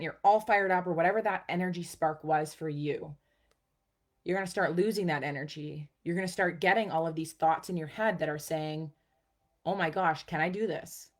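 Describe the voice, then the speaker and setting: A young adult woman coaching viewers in a casual, upbeat teaching chat, often checking in with "okay" and "guys". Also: sits low. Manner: upbeat, chatty, says "okay" and "guys" a lot. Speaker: personal growth coach.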